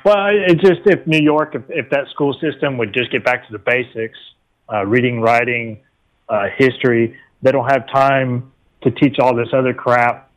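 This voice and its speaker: A man's voice: mid-range voice, fairly even intonation, moderate pace, dull audio. Rambling frustrated male caller. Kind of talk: call-in radio talk.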